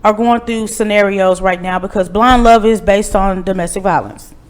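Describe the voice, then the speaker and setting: A woman's voice: medium pitch, moderate pace. A woman hosting a live web show in casual chat, slangy and laughing often.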